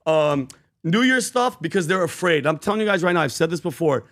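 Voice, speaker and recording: A fervent man with a high voice, co-hosting a podcast. He preaches in loose casual talk, full of fillers and restarts. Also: expressive, fast talker, fairly bright tone. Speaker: podcast co-host. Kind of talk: animated casual podcast talk, retelling scripture.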